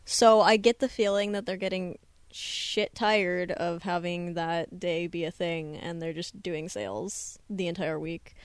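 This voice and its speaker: A woman's voice: lowish voice, steady tone, unhurried, hardly any pauses, smooth, no room sound. A young woman co-hosting a podcast, chatting casually, hesitant and full of fillers, laughing often. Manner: giggly, hesitant, many fillers. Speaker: podcast co-host. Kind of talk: casual chat.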